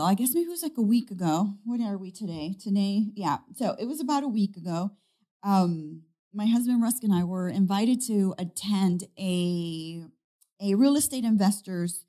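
A woman podcast host telling a personal story in a meandering, conversational way, often pausing to hesitate. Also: medium pitch, mellow. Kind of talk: casual storytelling monologue.

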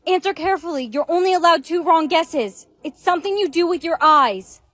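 Young woman, high voice, dry recording, dramatic skit acting. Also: lively intonation, fairly quick, a bit bright, dry recording. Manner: urgent, dramatic delivery.

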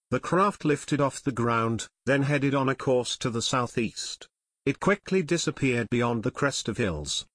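Guy narrating an audiobook, steady and measured, dry close mic. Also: mid-range voice, no room sound. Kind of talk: scripted narration.

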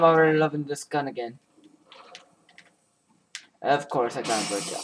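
A man's voice: a little high, moderate pace, pauses often, a bit bright, a little hiss or hum. A man giving casual gameplay commentary in a goofy, rambling, self-mocking way. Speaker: gaming YouTuber.

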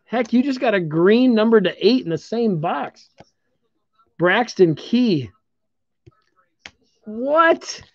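A man's voice: sits high, animated, a little slow, a little mellow. A man hosting a live-streamed trading card break, calling out each card he pulls and congratulating the viewers who own them. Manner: upbeat, congratulating viewers while calling out cards. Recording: dull lo-fi stream audio.

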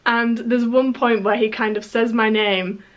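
A young woman from England chatting excitedly in a storytime vlog, full of fillers and restarts. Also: fairly high pitch, measured pace, highs cut off. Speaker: YouTuber.

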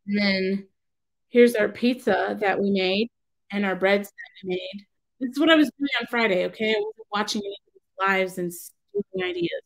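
On a poorly recorded clip, a female crafter with a mid-range voice vents in a casual vlog from her house. Her talk wanders, she's clearly fed up, and she interrupts her own thoughts.

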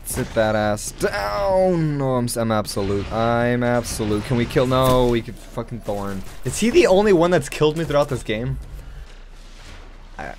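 A young man giving casual gameplay commentary, excitable and swearing, with sudden loud outbursts. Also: mid-range voice, normal speed, a little hiss or hum. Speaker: gaming channel host.

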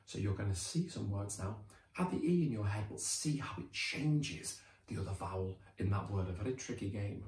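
A British man teaching a children's phonics lesson, sounding out words slowly and cheering the children on. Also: on the low side, echoey room, a little hiss or hum. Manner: animated, drawn-out sounding out of words.

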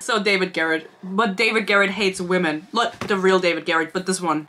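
Young woman in her twenties, book reviewer, sarcastic and giggly, bright tone. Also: on the low side, a little fast, hardly any pauses. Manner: sarcastic, laughing, reads excerpts aloud. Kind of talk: casual book review vlog.

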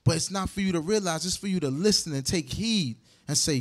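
A man preaching a sermon, animated and joking, breaking into laughs and repeating words as he goes. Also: on the high side, a little fast. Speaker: congregation leader. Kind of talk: sermon with scripture commentary.

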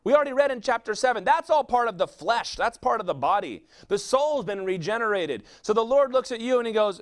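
A man's voice: very high-pitched, expressive, fairly quick, hardly any pauses. A man preaching a sermon as a pastor, asking rhetorical questions and answering them himself.

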